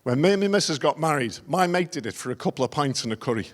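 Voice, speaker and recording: A middle-aged male comedian with a rather high voice tells self-deprecating after-dinner stories. His voice rings around a large conference dinner hall with a long reverb. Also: expressive, fast. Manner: wry, self-deprecating storytelling. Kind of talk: stand-up comedy routine.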